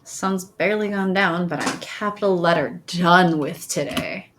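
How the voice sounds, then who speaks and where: A woman's voice: on the low side, measured pace, noisy background. A woman streamer reading a visual novel's narration aloud in a playful tone. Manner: reads game narration aloud in a lively, playful tone. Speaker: let's play streamer.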